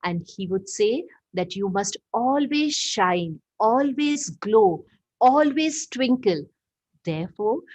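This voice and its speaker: A woman tells a story for children in an expressive, questioning style. She speaks slowly and deliberately at a middle pitch. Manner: expressive, asks the listeners questions.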